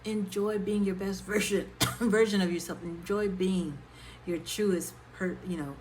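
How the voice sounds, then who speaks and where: A woman's voice: medium pitch, steady tone, unhurried, darkish tone, a little hiss or hum, poor audio. A woman vlogger and singer-songwriter talking casually to camera and often checking in with her viewers. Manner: conversational, keeps checking in with "okay?". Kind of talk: casual talk-to-camera advice vlog.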